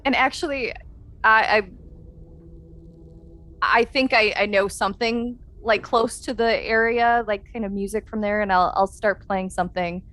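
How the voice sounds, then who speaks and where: A woman's voice: on the high side, fairly bright tone. A woman playing at a tabletop game, talking casually and hesitantly. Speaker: player.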